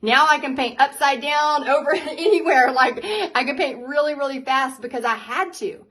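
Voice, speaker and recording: A woman, a paint party instructor telling her story to viewers in a candid, animated way, laughing often. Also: high voice, normal speed, low-quality recording.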